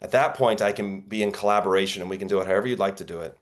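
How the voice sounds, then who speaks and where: Guy w a lowish voice teaching an acting workshop online, thoughtful storytelling. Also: rapid-fire. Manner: earnest, reflective storytelling. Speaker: acting coach.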